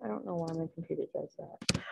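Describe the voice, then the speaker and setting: A woman tutoring Spanish in a casual online lesson, loose and relaxed, full of "um" and "like". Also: low-pitched, fast talker, gravelly, slight background noise. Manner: relaxed, filler-heavy, many "um" and "like".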